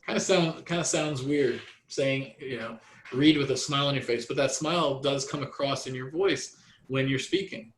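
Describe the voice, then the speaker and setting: A man coaching real estate agents in a training session, energetic and repetitive. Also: mid-range voice, normal speed, echoey room, a little hiss or hum, rough recording.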